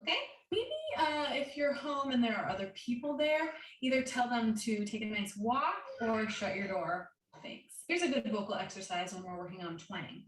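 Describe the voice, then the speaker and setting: A woman's voice: fairly high pitch, normal speed, few pauses. A woman guest voice coach teaching an online singing lesson in an upbeat way, demonstrating odd sounds. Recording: roomy, distant mic with faint noise.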